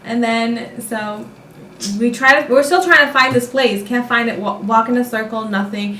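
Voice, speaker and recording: A young American woman telling a travel story in a casual, animated way, acting out what people said. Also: a little high, moderate pace, reverberant, distant mic, a little hiss or hum, low-quality recording. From United States. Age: young adult. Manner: animated, acts out quotes.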